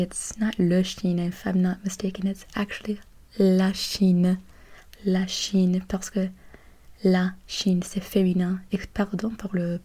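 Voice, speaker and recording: A woman in a whispered role-play as a gentle French tutor, her tone dark and mellow. She keeps a level, unvarying pitch as she moves between soft whispers and hushed speech. She switches between English and French and repeats each word slowly.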